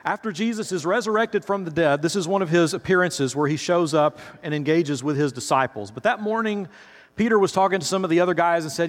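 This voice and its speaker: A man's voice: fairly high pitch, a little fast. A male pastor preaching a sermon in a conversational, storytelling way, speaking straight to his listeners. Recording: reverberant hall.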